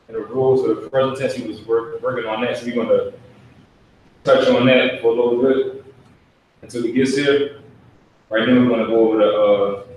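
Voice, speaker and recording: A man leads a live online class in a relaxed, informal way. He drags out each sound slowly and stresses it. His voice sits in a middle range and comes from well back from the mic, in a strongly echoing room. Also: medium pitch, slight background noise. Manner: casual, repeats sounds slowly with emphasis. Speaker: stand-in language teacher. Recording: echoey room, voice from a distance.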